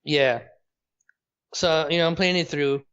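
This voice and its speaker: A blunt, opinionated man speaks his mind in a casual gaming chat and swears freely. His voice sits a little higher than most men's. It comes over a call, so the sound is dull and lo-fi. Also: steady tone, measured pace, fairly bright tone, smooth. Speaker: podcast co-host.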